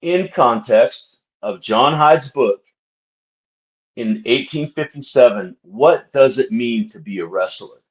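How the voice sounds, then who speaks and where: A man talking slowly and deliberately to his viewers, piling up rhetorical questions and tagging "right?" onto his points. He addresses them like a mock preacher, leaning hard on repetition. The sound is dull and muffled. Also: mid-range voice, animated. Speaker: channel host discussing a book. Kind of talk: casual commentary to camera.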